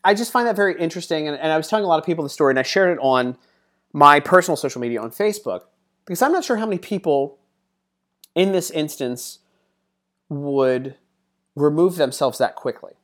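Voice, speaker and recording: A man's voice: fairly high pitch, lively intonation, a little fast, a bit bright. Chatty man telling a story. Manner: chatty, digressive asides and frequent fillers. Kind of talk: casual first-person storytelling.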